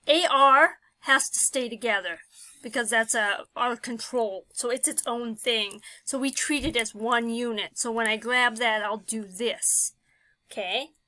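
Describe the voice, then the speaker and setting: Slow, bright-voiced woman teaching phonics. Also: fairly high pitch, no echo. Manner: slow and patient, thinking aloud with many fillers. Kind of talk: classroom phonics lesson.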